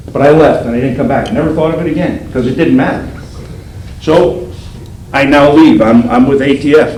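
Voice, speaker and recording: An older man, a federal agent, telling a story to police recruits and acting out the voices he quotes. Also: medium pitch. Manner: animated, acts out quoted voices. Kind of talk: storytelling speech. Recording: roomy hall sound, faint background noise.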